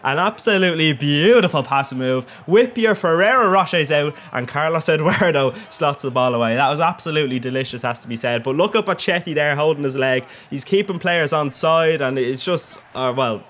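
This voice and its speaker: A man's voice: a little high, animated, brisk, few pauses, a bit bright. Chatty young man commentating a game. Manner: chatty, jokey, crude, laughs often. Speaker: gaming commentator.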